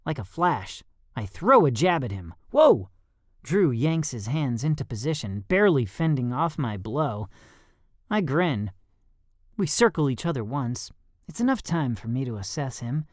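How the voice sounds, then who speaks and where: A man narrating a young adult thriller audiobook in first person, expressive and lively. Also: medium pitch, no echo, studio quality.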